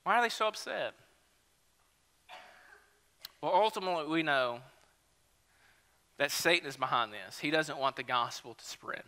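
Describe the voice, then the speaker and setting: A male pastor, preaching a sermon in a relaxed, conversational, storytelling way. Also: on the high side, moderate pace, pauses often, big-room sound. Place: church sanctuary.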